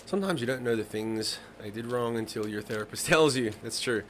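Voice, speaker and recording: A man in his thirties hosts a live songwriting stream, chatting casually with his audience in a middle-pitched, fairly bright voice at a fairly quick pace. He rambles through stories, swears freely, and laughs along, with a faint room hum behind him.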